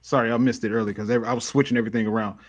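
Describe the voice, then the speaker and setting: A man guesting on a live stream as a podcaster, apologetic and rambling quickly through a plug. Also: mid-range voice, little pitch movement. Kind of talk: casual livestream chat.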